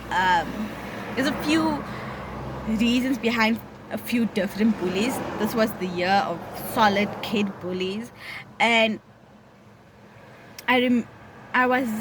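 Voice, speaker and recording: A woman's voice: fairly high pitch, background noise. Young woman telling a candid story. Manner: candid and conversational. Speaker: vlogger. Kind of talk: personal storytelling.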